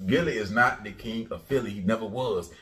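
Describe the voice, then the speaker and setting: Deep-ish guy doing a mocking rant on his channel, voice kinda far off the mic. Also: a little fast. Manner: loud, taunting, jumps into high mocking pitch. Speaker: commentary channel host.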